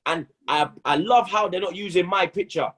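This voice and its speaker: A young man, a football pundit who talks in loud, animated street slang and keeps saying "blood" and "you understand". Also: high voice, moderate pace, breathy edge. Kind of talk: casual football banter.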